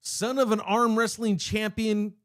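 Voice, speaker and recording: A man's voice: sits high, level tone, measured pace, fairly bright tone. A young man hosting a fan channel, ranting live with heated emotion, rambling and cutting himself off mid-thought. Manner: heated, rambling, self-interrupting. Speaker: sports fan channel host. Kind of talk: emotional live-stream rant.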